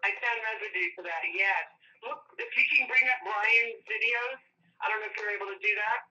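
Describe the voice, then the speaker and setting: A woman's voice: mid-range voice, fairly quick, pushed and bright, slight background noise. A woman calling in to a live stream, chatting eagerly and laughing often. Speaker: caller. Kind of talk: casual call-in chat. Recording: distant tinny phone line.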